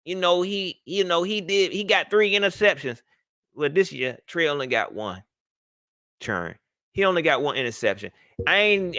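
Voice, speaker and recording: A man hosting a casual live sports talk stream, animated and shouting out viewers by name. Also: medium pitch, no room sound, studio quality. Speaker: livestream host.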